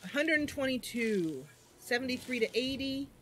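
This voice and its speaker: A woman's voice: high voice, animated, moderate pace, slight background noise. A woman streaming a video game, thinking aloud over her moves and breaking into sudden cries when things go wrong. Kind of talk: livestream game commentary.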